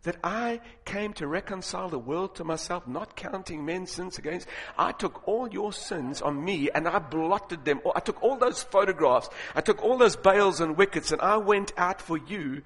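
A joyful, kindly Jesus, put on by a preacher. The voice sits high and bright and stays gentle and warm. A long hall reverb trails every word. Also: male voice, expressive, moderate pace, hardly any pauses, exaggerated voice. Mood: gentle, earnest.

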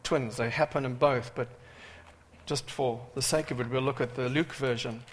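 A man preaching a sermon with dramatic swings from loud cries to hushed asides. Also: mid-range voice, steady tone, normal speed, a little hiss or hum. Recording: reverberant hall.

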